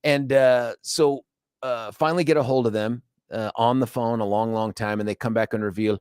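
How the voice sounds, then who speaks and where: A male radio talk show host telling a long story in an animated, sarcastic way. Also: mid-range voice, normal speed, clean tone, dry recording, studio quality.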